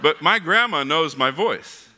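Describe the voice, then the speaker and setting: A young man preaching with great animation, slipping into the voices of people in his stories. His voice is very bright and a little high, and its pitch swings widely from line to line. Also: a little slow, a little hiss or hum. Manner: animated, acts out voices in anecdotes. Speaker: pastor. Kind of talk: sermon with humorous stories.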